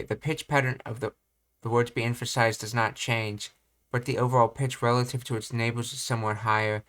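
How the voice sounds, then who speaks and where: A young man reading and commenting on language study material, thinking aloud with halting restarts. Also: mid-range voice, fairly bright tone. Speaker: language teacher.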